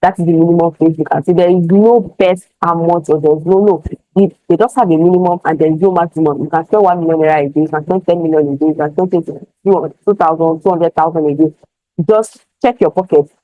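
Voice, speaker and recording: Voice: medium pitch, steady tone, quick pace, no room sound, phone-quality sound. A speaker walking through an online ad setup step by step, often checking that the listener follows. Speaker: online marketing tutor. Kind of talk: screen-share tutorial.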